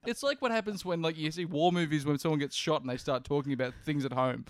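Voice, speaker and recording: A young Australian man co-hosting a podcast, telling an animated anecdote and acting out the other people in it. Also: fairly high pitch, fast, no echo, studio quality. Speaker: podcast co-host. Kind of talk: casual chat.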